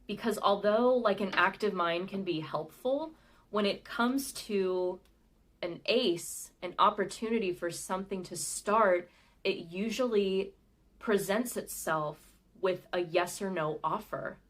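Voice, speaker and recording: A woman hosting a live pick-a-card tarot reading, talking in a gentle, chatty and intuitive way with many casual fillers. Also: mid-range voice, a little slow.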